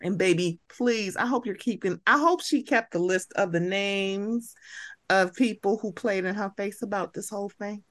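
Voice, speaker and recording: A woman's voice: medium pitch, moderate pace. A woman hosting a podcast, giving blunt, slangy commentary in casual chat and often acting out quoted reactions. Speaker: podcast host.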